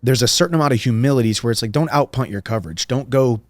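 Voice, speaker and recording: A man's voice: medium pitch, rapid-fire, no echo, clean studio sound. A man in his thirties, a guest on a podcast, talking earnestly and emphatically and repeating phrases for rhythm. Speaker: guest, professional fighter. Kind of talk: casual podcast conversation.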